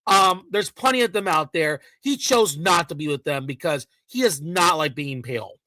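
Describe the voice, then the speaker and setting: Profane ranting man, sharp bright voice. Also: a little high, moderate pace, no echo, poor audio. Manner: heated, profane, repetitive ranting; mocking, sarcastic asides. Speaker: commentator. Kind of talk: reaction commentary rant.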